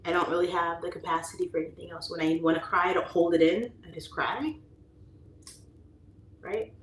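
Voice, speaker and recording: A woman's voice: fairly low pitch, fairly even intonation, a little fast. A woman in her late thirties hosting a livestream, casually chatting and reading viewer comments aloud, laughing often. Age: 30s. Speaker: livestream host. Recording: echoey room with faint ambient noise.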